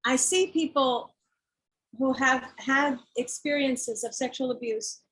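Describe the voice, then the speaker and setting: Woman, author, candid talk, emphatic, blunt, slightly high pitch. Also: slow pace, a bit bright, poor audio. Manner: frank, emphatic, acts out what others say; swears when heated. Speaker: children's book author. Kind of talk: candid conversation.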